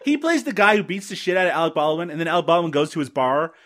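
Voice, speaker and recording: A man's voice: on the high side, sing-song, fast, a bit bright, slight background noise. A man hosting a casual movie podcast, wry and sarcastic, swearing freely. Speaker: podcast host. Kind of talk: casual chat.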